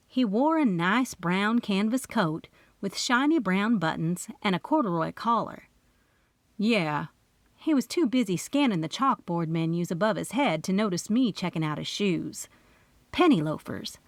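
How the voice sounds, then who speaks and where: A woman's voice: mid-range voice, animated, normal speed, no room sound. A woman narrating a cozy mystery audiobook in first person, in a conversational storytelling way.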